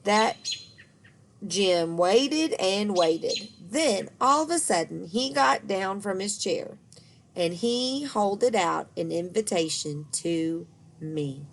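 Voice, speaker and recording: A woman reading a children's storybook aloud, lively and expressive. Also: medium pitch, slow.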